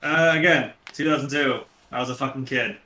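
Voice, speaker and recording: Echoey rambling man, bright voice. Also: medium pitch, a little fast. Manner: rambling, profane, many restarts. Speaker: podcast co-host. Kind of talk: casual film discussion.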